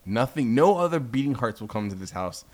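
A man co-hosting a podcast in casual chat, blunt and quick to swear. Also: mid-range voice, sing-song, a little hiss or hum. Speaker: podcast co-host.

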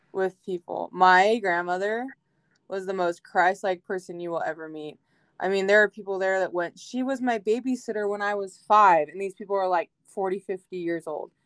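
Heartfelt woman with a smooth voice. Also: on the low side, no echo. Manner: emotional, heartfelt storytelling with many fillers. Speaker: podcast guest. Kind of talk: casual faith podcast chat.

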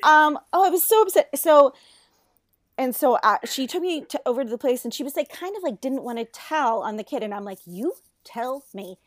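Animated, laughing woman co-host telling a story. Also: high voice, fairly quick, no echo. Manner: animated, swears freely, laughs often. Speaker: podcast co-host. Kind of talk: casual storytelling chat.

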